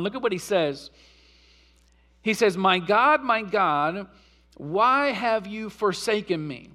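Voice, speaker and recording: A man preaching a sermon as pastor, earnest, rising loud and impassioned on emotional quotes, then dropping low and quiet. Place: church sanctuary.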